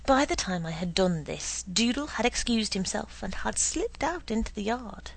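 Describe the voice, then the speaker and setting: A woman narrating a story in a slow, hushed way, often dropping to a whisper. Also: mid-range voice, expressive, creaky, slightly rough, low-quality recording.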